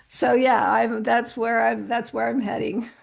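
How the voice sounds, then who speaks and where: A woman who usually hosts a podcast answers questions in a relaxed, casual chat. She sounds earnest and animated and often restarts her sentences. Her voice sits fairly high with a gravelly, fry-laden texture. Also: slow pace. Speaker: podcast host interviewed as guest. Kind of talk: casual conversational interview.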